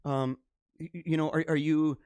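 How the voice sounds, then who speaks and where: Telling a long, off-the-cuff story on his live stream, this host has a smooth voice that sits slightly high for a man and sounds close and dry, without room echo. At a moderate pace he rambles and restarts often, then bursts into animated stretches.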